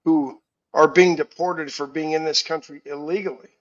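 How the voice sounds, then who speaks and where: A man's voice: fairly high pitch, steady tone, normal speed, muffled recording. A man co-hosting a call-in talk show, blunt and emphatic, often repeating words as he starts a thought. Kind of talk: casual political call-in talk.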